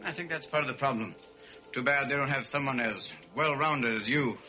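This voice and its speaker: A man playing a zany male alien visitor to Earth in a 1970s sitcom, with rapid silly wordplay. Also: mid-range voice, pushed and bright, soft background music. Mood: cheeky.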